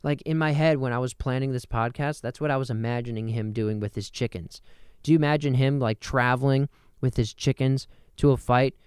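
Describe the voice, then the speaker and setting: A man's voice: medium pitch, fairly even intonation, fairly quick, darkish tone, clear, resonant tone, no room sound. A young adult man hosting a solo podcast, rambling and joking as he jumps from thought to thought, talking into a close mic. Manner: rambling, jokey, self-interrupting. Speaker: podcast host. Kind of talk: solo comedic podcast monologue.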